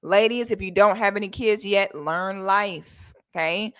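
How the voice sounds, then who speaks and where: Bright sassy woman vlogger. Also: mid-range voice, a little slow, clear, resonant tone. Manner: sassy, emphatic, addresses viewers directly. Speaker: commentary vlogger. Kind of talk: casual advice commentary.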